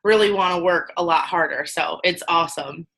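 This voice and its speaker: A woman's voice: lowish voice, moderate pace, gravelly, fairly bright tone. A woman on a group video call, gushing with enthusiastic, repetitive praise for how the group is run. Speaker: team member. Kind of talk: casual video-call chat.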